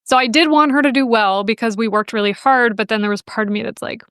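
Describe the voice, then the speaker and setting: Podcast guest, woman, higher and smooth, chatty storyteller who acts out quotes, dry close mic. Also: fast, a bit bright, no echo. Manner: chatty and emotional, quotes people in playful voices. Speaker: podcast guest, animal welfare researcher. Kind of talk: casual interview storytelling.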